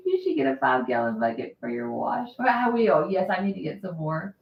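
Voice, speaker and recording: A woman's voice: mid-range voice, huge pitch swings, moderate pace, gravelly, muffled recording. A woman hosting a casual live stream, chatting and laughing often as she answers viewer comments. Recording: roomy echo.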